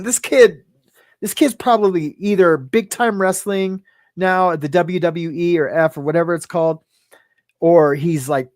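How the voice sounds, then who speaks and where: A man in his fifties who hosts a livestream, telling a personal story in a rambling, halting way full of fillers and restarts. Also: fairly high pitch, dry recording, clean studio sound. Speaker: livestream host. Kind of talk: casual storytelling.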